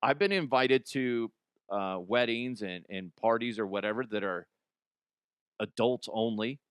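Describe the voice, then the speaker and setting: A man's voice: mid-range voice, measured pace, smooth, no room sound, clean studio sound. A man hosting a comedy show, riffing sarcastically on odd news stories, swearing freely and jumping into mocking voices. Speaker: comedy podcast host.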